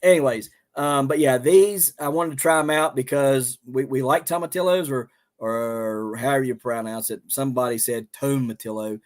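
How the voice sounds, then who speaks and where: Southern man, homestead host, casual rambling livestream talk, middle pitch. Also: normal speed, few pauses. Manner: rambling, folksy, many fillers.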